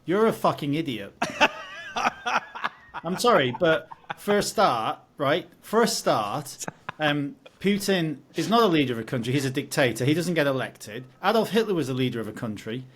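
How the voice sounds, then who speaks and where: A man's voice: fairly high pitch, very animated, normal speed, a bit bright, slight background noise. A British man co-hosting a casual political podcast, blunt and jokey, getting heated when he argues. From United Kingdom. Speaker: podcast co-host.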